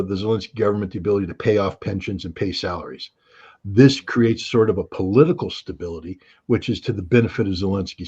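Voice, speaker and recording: Blunt husky man on a muffled line. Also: on the low side, darkish tone. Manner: blunt, sardonic, emphatic. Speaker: guest commentator. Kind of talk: livestream geopolitics discussion.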